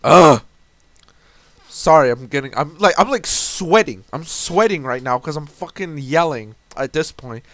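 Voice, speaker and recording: A man's voice: fairly high pitch, lively intonation, a little slow, a bit bright, dry recording. A young man at home ranting about a tabletop game, exasperated and swearing, often stumbling over restarts. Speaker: storyteller recounting a tabletop game. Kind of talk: ranting storytelling monologue.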